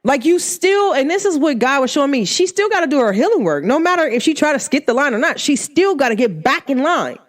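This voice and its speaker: Casting note: a woman host with a slightly high voice and very lively pitch, emphatic storyteller. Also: fairly quick, few pauses. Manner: animated, emphatic, punctuates with "boom". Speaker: podcast host. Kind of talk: storytelling monologue.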